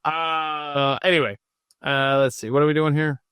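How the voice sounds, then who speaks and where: A man's voice: a little high, steady tone, moderate pace, fairly bright tone, clear, resonant tone, dry recording. Guy hosting a podcast, rambly and self-deprecating, dry close sound. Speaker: podcast host reading live comments. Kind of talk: casual rambling livestream chat.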